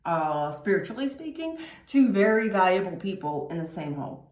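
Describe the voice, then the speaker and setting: A woman giving a tarot reading, talking slowly and musingly with many pauses and restarts. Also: medium pitch, very animated, darkish tone, echoey room. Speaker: tarot reader.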